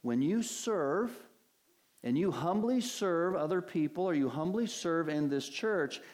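A man's voice: a little high, darkish tone. A male pastor preaching a sermon from the pulpit, earnest and emphatic, with many rhetorical questions. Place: church sanctuary at a pulpit.

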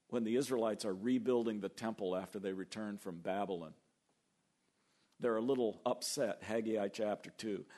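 A man preaching a sermon, animated, acting out biblical voices and slowing down to stress key words. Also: on the low side. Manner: animated, acts out biblical voices, slows for emphasis. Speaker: pastor.

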